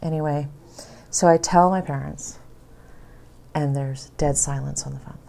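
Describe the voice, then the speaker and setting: A woman telling a personal story to a small audience at home, unhurried and low-key, with laughs between lines. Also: steady tone, creaky, warm tone.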